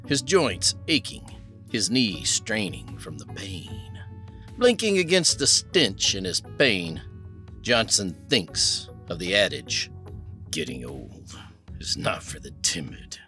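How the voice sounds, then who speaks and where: A male audiobook narrator with a lowish, bright voice and very lively pitch that rises and falls through the sentences. Soft music plays behind him. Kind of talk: scripted narration.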